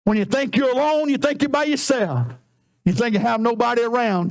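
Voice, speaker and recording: High-voiced preacher. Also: male voice. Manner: impassioned, drawls scripture slowly, breaks into shouts. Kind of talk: sermon. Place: church sanctuary.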